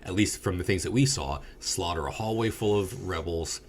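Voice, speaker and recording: A man with a very low voice co-hosting a casual movie review podcast. He talks bluntly and profanely, and there is a faint hiss under the recording. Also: moderate pace. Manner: blunt, profane, animated storytelling. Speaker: podcast co-host.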